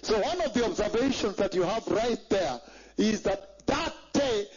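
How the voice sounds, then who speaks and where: Emphatic male preacher with a very high voice, muffled lo-fi recording. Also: lively intonation, moderate pace. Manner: emphatic, repeats phrases and asks the congregation for agreement. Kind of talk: sermon. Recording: dull lo-fi recording.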